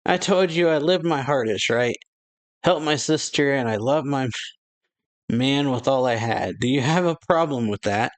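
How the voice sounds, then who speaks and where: A man's voice: mid-range voice, animated, normal speed, voice pushed up, lightly acted. A man reading a spirited loving big sister. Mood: emphatic. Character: spirited older sister, young woman, fiercely loving.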